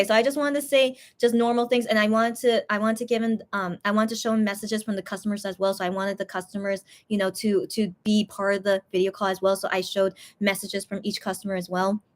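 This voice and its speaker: A woman hosts a casual livestream, reading fan comments aloud and rambling between them. Her voice sits in a middle pitch and sounds tired, with loose, chatty restarts. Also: flat delivery, brisk, few pauses. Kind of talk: casual chat.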